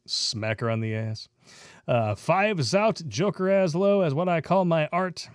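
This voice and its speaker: A man's voice: fairly high pitch, expressive, measured pace, clear, resonant tone, no echo. Male livestream co-host, brash and crude, joking while reading tips; dry room. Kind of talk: casual livestream chat.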